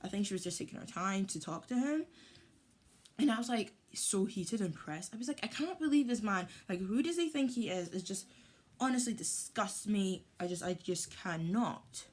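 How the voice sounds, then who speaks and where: A woman vlogger telling a storytime, animated and heated, with lots of "like". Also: medium pitch, moderate pace. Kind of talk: storytime vlog.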